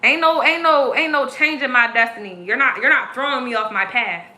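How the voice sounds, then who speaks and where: With a high, sharp-toned voice and a slightly fast pace, a woman tarot reader rants on her live stream in an echoey room. Her spiritual tirade is preachy, aggressive, and laced with profanity.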